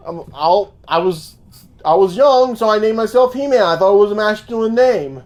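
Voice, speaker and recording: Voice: medium pitch, normal speed, a little mellow. A podcast co-host recapping a movie plot in casual chat, with some swearing.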